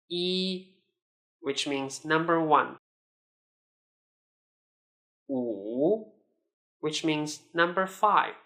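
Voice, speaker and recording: A woman teaching a pronunciation lesson, modelling syllables with careful, deliberate enunciation. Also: low-pitched, sharp tone. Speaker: Mandarin teacher.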